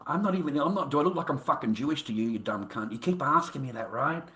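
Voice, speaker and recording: A man's voice: mid-range voice, lively intonation, fast talker, pushed and bright, roomy sound. An Australian man livestreaming an angry, profane, combative rant at his viewers.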